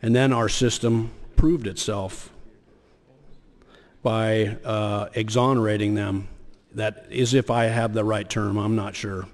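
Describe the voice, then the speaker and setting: A man's voice: on the low side, fairly even intonation, takes it slowly. A man, a state senator, giving a floor speech in a legislative chamber, hesitant with many fillers and restarts. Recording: long hall reverb.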